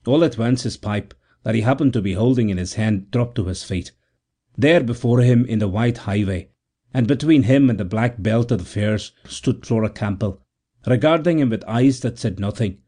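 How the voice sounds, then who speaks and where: A man narrating a classic story for an audiobook. His reading is measured and steady. The voice is mellow and warm at a middle pitch.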